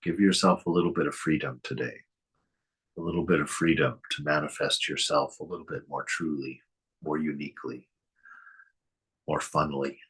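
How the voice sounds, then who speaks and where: A man giving a reflective spiritual talk as a teacher, speaking gently, asking many rhetorical questions and chuckling often. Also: rumbling low, fairly even intonation, normal speed, pauses often, husky.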